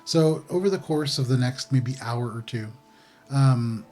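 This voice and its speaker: A man narrating a tabletop game as game master, relaxed and descriptive with frequent pauses. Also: mid-range voice, faint music behind.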